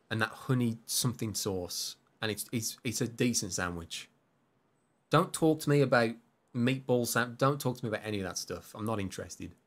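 Casual streamer man. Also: mid-range voice. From West Midlands, England. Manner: casual and self-deprecating, reading chat between bursts of game reactions. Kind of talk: live gameplay stream, chatting with viewers.

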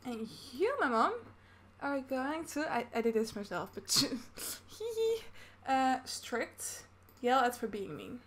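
A woman's voice: fairly high pitch, expressive, unhurried, a little hiss or hum. A woman from the Netherlands giving casual commentary as she plays a life-sim game, chatting through each action. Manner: chatty, narrating her own game actions. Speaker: gaming YouTuber. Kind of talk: casual Let's Play commentary.

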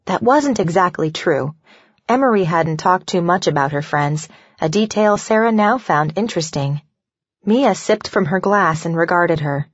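A woman narrating an audiobook in an even, measured reading. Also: on the low side, no room sound, dull audio. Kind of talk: scripted narration.

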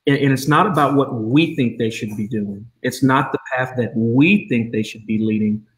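Enthusiastic middle-aged host in an echoey room. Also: male voice, mid-range voice, normal speed. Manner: enthusiastic, encouraging, repeats words when he starts a thought. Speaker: podcast host. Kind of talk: podcast interview.

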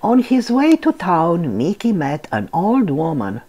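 Slow, very expressive grandma reading aloud. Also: female voice, lowish voice. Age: older. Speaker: storyteller, channel host. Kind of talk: children's read-aloud storytelling.

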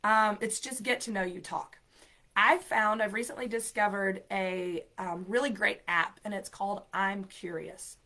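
A woman's voice: medium pitch, fairly even intonation, unhurried, bright, forceful tone. Upbeat chatty woman giving exam tips. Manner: upbeat, chatty, emphatic, filler-heavy. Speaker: ESL program coordinator and show host. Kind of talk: live-streamed exam tips talk.

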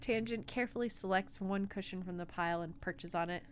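Let's play co-host, woman, mid-pitched, reads story text with giggles and slips. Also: fairly quick, a little hiss or hum. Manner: giggly, stumbling over words. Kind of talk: reading game text aloud.

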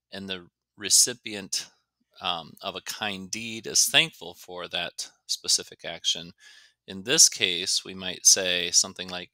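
A deep, sharp-toned male voice, free of echo, delivers an English lesson on grammar. He speaks slowly and deliberately, stretching words out to model their pronunciation.

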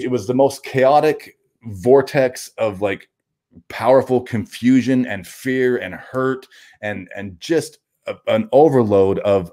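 A man telling a raw personal story as an interview guest, halting, with frequent restarts, repeated words and blunt swearing. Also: fairly low pitch, mellow. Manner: blunt and profane; raw, intense retelling.

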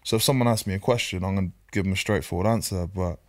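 A man's voice: sits low, racing, no room sound, clean studio sound. Blunt young man. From Bristol, England. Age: 20s. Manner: blunt, straightforward storyteller. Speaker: podcast guest. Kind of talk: casual podcast chat.

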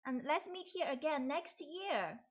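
A woman's voice: high-pitched, animated, measured pace, dull audio. A woman voicing a humble young male woodcutter, speaking earnestly and plainly. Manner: earnest, plain and warmly insistent.

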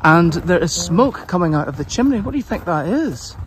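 A man's voice: high voice, sing-song, a little fast. A man vlogging as he walks outdoors, chatting and pointing things out along the way. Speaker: travel vlogger. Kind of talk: walking tour commentary. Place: outdoors, on a beach and vineyard paths. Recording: outdoor noise behind the voice.

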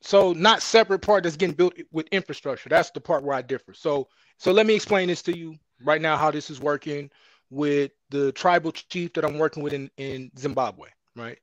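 Male panel guest, measured explaining, fairly high voice, dry sound. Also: dry recording, muffled recording. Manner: calm explaining, repeats "right?". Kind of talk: debate on a panel.

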